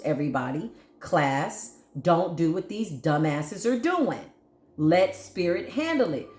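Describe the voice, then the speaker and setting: A woman's voice: medium pitch, a little mellow. A woman giving an intense tarot reading, fiery, scolding and preachy. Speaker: spiritual tarot reader. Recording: roomy echo.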